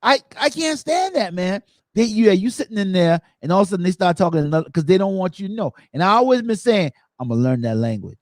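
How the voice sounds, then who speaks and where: A man hosting a podcast, telling stories in a lively way and acting out the quotes. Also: high-pitched, quick pace, dry recording, clean studio sound. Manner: animated storytelling, acts out quotes. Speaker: podcast host. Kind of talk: casual chat.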